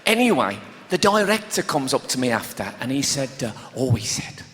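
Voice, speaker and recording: A man doing live stand-up, telling stories in a chatty, animated way and laughing along with his own jokes. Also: medium pitch, moderate pace. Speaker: stand-up comedian. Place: large theatre with a live audience. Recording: echoey live hall recording with audience.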